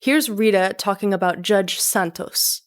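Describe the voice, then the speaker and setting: A woman's voice: mid-range voice, unhurried, very noisy. Wry young woman doing music commentary. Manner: wry, sarcastic, laughs often. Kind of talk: video commentary.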